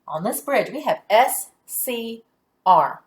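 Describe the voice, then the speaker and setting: A woman teacher giving a phonics lesson to young children, sounding out letters and syllables deliberately and praising answers. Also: on the high side, expressive.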